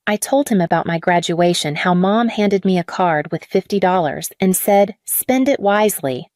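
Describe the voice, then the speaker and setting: A woman reading a scripted first-person drama story in a measured, even way. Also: lowish voice, dry recording, studio quality. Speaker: story narrator.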